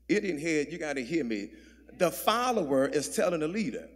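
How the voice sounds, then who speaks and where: Male pastor, high voice, sermon with call-and-response, reverberant sanctuary. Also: animated, normal speed. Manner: preaching with call-and-response, shouting and dropping to murmurs. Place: large church sanctuary. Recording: long hall reverb.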